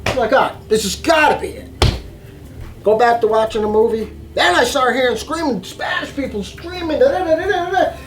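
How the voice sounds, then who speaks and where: A man telling a story in an excitable way, acting out voices and reactions. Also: very high voice, a little fast. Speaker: vlogger telling a travel story. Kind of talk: animated storytelling monologue.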